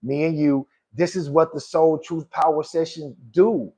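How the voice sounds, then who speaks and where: Husky-voiced man preaching to listeners. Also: on the high side, fairly even intonation, measured pace, mellow. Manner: preachy, repeats lines for emphasis, calls listeners "good people". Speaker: podcast host and life coach. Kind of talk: motivational podcast talk.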